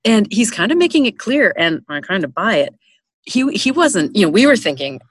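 A woman co-hosting a casual book discussion. She asks questions and analyzes in an animated way. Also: medium pitch, normal speed, no room sound, studio quality. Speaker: podcast co-host.

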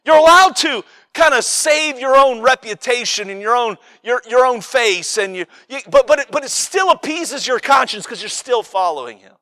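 A man's voice: extremely high pitch, animated, moderate pace, few pauses, bright, forceful tone. A man preaching a sermon in a conversational, emphatic way, often repeating and restarting his words.

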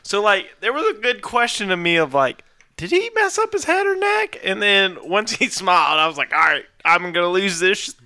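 A man in laid-back conversation with friends, describing the scene with the odd curse. His voice is fairly high, smooth and clean, recorded close and dry with no room sound. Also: big pitch swings, moderate pace, sharp tone, dry recording. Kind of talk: casual podcast chat.

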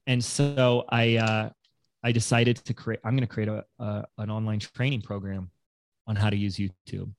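A man's voice: fairly low pitch, little pitch movement, normal speed, no room sound. A man telling his business story in a casual interview, acting out other people's voices in quotes. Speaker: guest entrepreneur.

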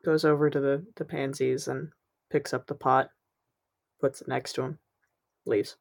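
Female tabletop player, low voice, hesitant stammering narration. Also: flat delivery, a little slow, vocal fry. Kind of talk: in-character play and narration.

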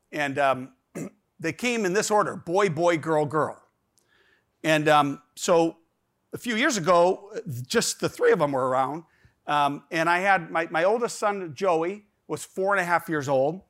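Lively, high-voiced storytelling man. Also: unhurried. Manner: animated, rambling, with many fillers and restarts. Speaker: speaker telling a personal story. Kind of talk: storytelling talk.

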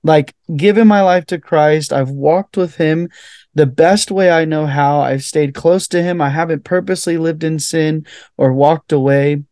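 A young man speaks as a podcast guest, telling a personal story with heartfelt earnestness and a steady stream of "like" fillers. His voice sits a little high for a man, and the sound is dry and close, with no room echo. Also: measured pace, smooth. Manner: heartfelt, fills speech with "like". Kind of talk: earnest personal testimony in conversation.

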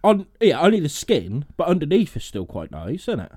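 A young man co-hosting a podcast, chatting casually, swearing freely and reading a story out haltingly. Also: a little high, huge pitch swings, a little mellow, breathy edge, no room sound, studio quality. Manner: laid-back, swears freely, reads haltingly. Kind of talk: casual chat and read-out narration.

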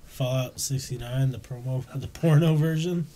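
A man's voice: mid-range voice, normal speed, very noisy. A young man co-hosting a casual stream chat, playful and teasing, with slangy talk. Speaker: co-host.

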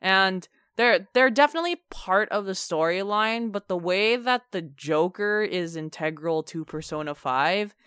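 A co-host chats about games in an animated way, using lots of fillers. The voice is smooth and clear, and it sounds close and dry, with no room around it. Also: mid-range voice, a little slow, hardly any pauses, no echo. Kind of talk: casual gaming chat.

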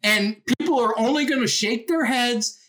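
A woman telling a Bible story as an informal sermon, animated and full of rhetorical questions. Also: on the high side, moderate pace.

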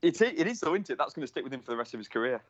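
A man co-hosting a casual podcast chat, wry and teasing, quick to laugh. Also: medium pitch, big pitch swings. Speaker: podcast co-host. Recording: dull lo-fi sound.

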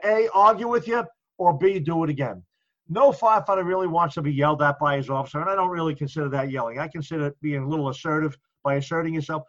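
A man's voice: fairly high pitch, quick pace, fairly bright tone, dull audio. A man co-hosting a casual podcast about the fire service, talking earnestly and acting out orders he gives to his crews.

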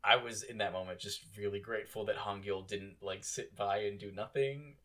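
A man co-hosting a casual show recap podcast, expressive and acting out quotes with dramatic flair. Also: lowish voice, normal speed. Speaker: podcast co-host.

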